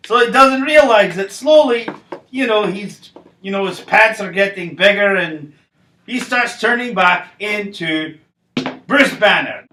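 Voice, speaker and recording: A man's voice: high-pitched, unhurried, pushed and bright, echoey room, slight background noise, rough recording. A man telling a comic monologue to camera in a rambling, playful way, acting out scenes. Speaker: comedy vlogger.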